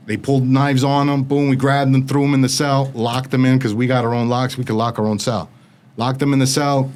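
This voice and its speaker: A man's voice: mid-range voice, darkish tone. A man as an interview guest, telling a blunt, streetwise story full of quoted dialogue.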